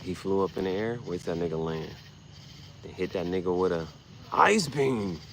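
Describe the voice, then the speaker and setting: A man with a fairly low voice rants on his vlog, cursing freely and rambling from point to point. He gets loud and animated as he talks, and a faint hiss of noise sits under his voice. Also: fairly quick, rough recording. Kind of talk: casual ranting vlog. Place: dim room.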